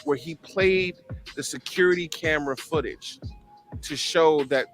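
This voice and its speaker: A man hosts a relaxed talk show, talking things through with lots of ums and restarts. His voice sits a little high for a man. Faint music plays under him. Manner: conversational, drawn-out explaining with fillers. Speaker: host. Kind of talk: casual chat.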